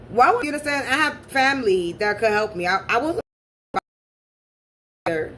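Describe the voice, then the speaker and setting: A woman's voice: sits high, fairly bright tone, a little hiss or hum. Blunt, profane woman telling her story. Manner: blunt and profane, repeats herself for emphasis. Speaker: spiritual reader and channel host. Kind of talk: casual personal storytelling.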